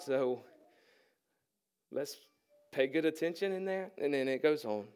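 A man's voice: a little high, measured pace, long pauses, clear, resonant tone. A pastor preaching a conversational sermon to his congregation, acting out the people in the story with humor. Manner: conversational, acts out voices with humor. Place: church sanctuary.

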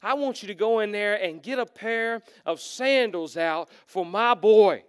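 A male pastor preaching a sermon, acting out the characters and swinging from loud to hushed. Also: high voice, measured pace, smooth, no room sound.

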